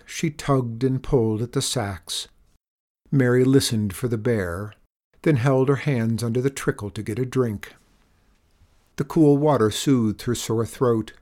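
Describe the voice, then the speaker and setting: A man narrating a children's storybook aloud in a gentle, expressive way. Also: mid-range voice.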